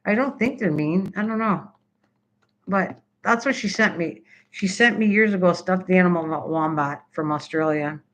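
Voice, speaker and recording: A woman's voice: lowish voice, steady tone, moderate pace, fairly bright tone. An older woman from Canada hosting a casual craft live stream, rambling chattily and answering viewers' typed comments.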